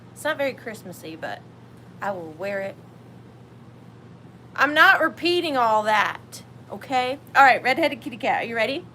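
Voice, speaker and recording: A woman's voice: on the high side, fairly bright tone, slight background noise. A woman hosting a live vintage sale stream, chatty and effusive, often apologizing and gushing over her viewers. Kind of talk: live-stream sales chat.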